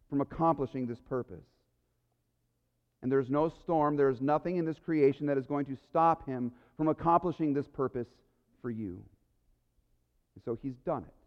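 A male pastor preaching an earnest, emotional sermon, often dropping to soft, quiet phrases. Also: high-pitched, in a large hall, lo-fi sound.

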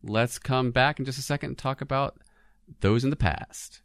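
A man's voice: medium pitch, moderate pace, dry recording, studio quality. A man co-hosting a casual chat show about commercials, talking in a chatty way with easy laughs and many restarts. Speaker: podcast co-host.

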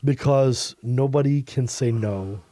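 A man from Chicago, a comedian guest on a podcast, telling stories in an animated, emphatic and profane way. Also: mid-range voice, takes it slowly, dry recording. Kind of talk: podcast conversation.

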